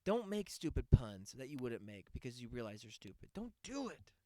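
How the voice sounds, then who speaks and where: A man's voice: mid-range voice, sing-song, brisk, dark tone, no echo. A man hosting a podcast, going on a sarcastic, profane rant in a casual monologue. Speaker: podcast host.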